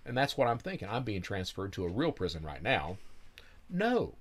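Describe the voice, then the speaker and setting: A man's voice: lowish voice, huge pitch swings, normal speed. A man telling his own story in a casual, wry way, laughing now and then and swearing freely.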